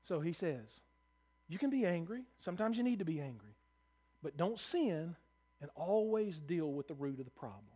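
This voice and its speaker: High-voiced man preaching earnestly. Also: very animated, normal speed, slightly rough. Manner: earnest preaching, repeats words when starting phrases; swings between soft low passages and raised emphatic ones. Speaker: pastor. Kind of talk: sermon.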